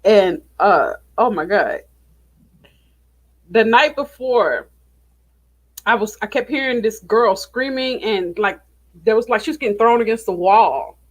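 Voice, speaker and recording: A woman's voice: fairly high pitch, expressive, measured pace, pauses often, low-quality recording. A Midwestern American woman co-hosting a podcast, telling a story animatedly and laughing often. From United States. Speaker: podcast co-host. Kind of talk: casual chat.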